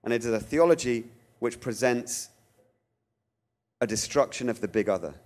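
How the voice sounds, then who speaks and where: Animated man telling a story. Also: medium pitch, normal speed. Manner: animated storytelling, acts out quoted voices. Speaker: guest speaker. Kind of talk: theological talk.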